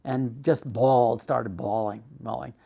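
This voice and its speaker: Gravelly older man recounting his past. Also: medium pitch, steady tone, dark tone. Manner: halting, full of restarts and fillers. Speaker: documentary interviewee. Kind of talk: personal storytelling.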